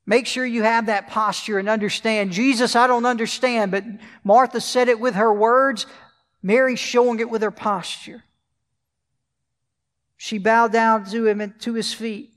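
Male pastor, high voice, sermon in a big echoing hall. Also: a bit bright. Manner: preaching with rhetorical questions to the congregation.

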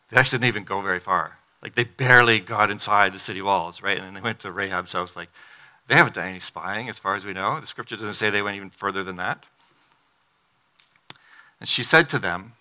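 A man's voice: lowish voice, pushed and bright. A middle-aged pastor giving a conversational sermon, acting out the quotes from the story as he reads. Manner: conversational, acts out quotes from the text.

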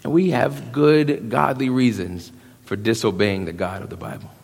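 Preacher guy in his 30s, gets loud then quiet, reverb from a big church hall. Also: mid-range voice, gravelly, breathy edge. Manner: animated preaching, swinging between hushed and loud; drops into quick voiced quotes of young men. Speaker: pastor. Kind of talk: sermon.

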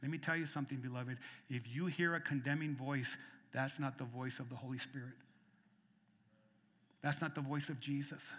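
A man pastor preaching a sermon with passion, swinging between loud emphatic peaks and quiet intimate passages. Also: mid-range voice, steady tone, normal speed, breathy edge. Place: church sanctuary. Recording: long reverb of a church hall.

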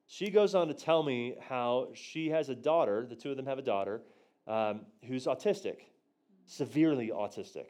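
In this storytelling sermon on prophecy, a man speaks to a church group from the pulpit at a moderate pace. He acts out his own quotes with sharp swings in pitch and loudness, quieting for tender moments and booming on punchlines.

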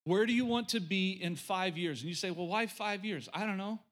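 Man, pastor, middle-aged, from rural Oklahoma, sermon, high voice, emphatic, folksy, repeats himself. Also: normal speed, fairly bright tone. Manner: emphatic, repeats key lines, folksy asides.

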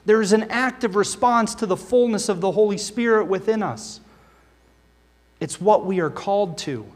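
Man, pastor, earnest sermon, rhetorical questions, fairly high voice, long hall reverb. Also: moderate pace, a little mellow. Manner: earnest, rhetorical questions, reads scripture aloud.

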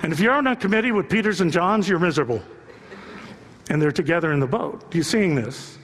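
A male pastor preaches in a high, expressive, fairly bright voice at a brisk pace, keeping his sermon loose and jokey while tossing rhetorical questions to the congregation. He's in a large church where a long reverb trails every phrase.

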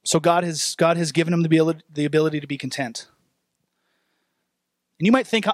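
Young male pastor, high tenor, lively preaching with direct questions to the congregation, dry sound. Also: a little fast, pauses often, dry recording. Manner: animated preaching, reads scripture aloud, asks the congregation questions. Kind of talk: sermon.

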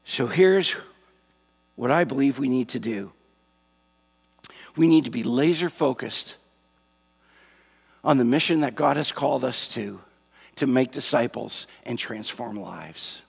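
A pastor preaching a sermon to his church, slow and emphatic, repeating key phrases. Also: mid-range voice, vocal fry, husky. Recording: long hall reverb.

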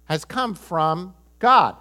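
A man's voice: sits high, expressive, extremely slow, bright, forceful tone. A middle-aged American man preaching a sermon, emphatic and repeating key phrases. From United States. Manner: emphatic, repeats key phrases, chuckles, quotes people in voices. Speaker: pastor.

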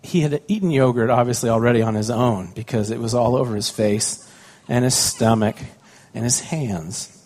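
Husky-voiced man preaching a sermon. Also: medium pitch, normal speed, hardly any pauses, a little mellow. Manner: conversational, anecdotal, asks the congregation questions. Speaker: pastor.

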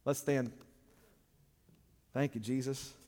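A man's voice: mid-range voice, steady tone, slow. Blunt preaching man in a reverberant church. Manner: blunt, straightforward preaching that swings from loud to hushed. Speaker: pastor. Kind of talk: sermon. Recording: long reverb of a church hall.

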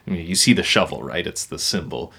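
Low gravelly young man, rambling. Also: lively intonation, fairly quick, pushed and bright. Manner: rambling, hesitant, with many fillers and restarts. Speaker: podcast co-host. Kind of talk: casual conversation.

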